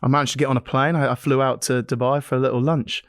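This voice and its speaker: A man's voice: medium pitch, fast talker. A man co-hosting a rugby podcast, telling stories in a chatty studio conversation and often chuckling. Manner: chuckling, animated storyteller. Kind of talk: casual studio chat.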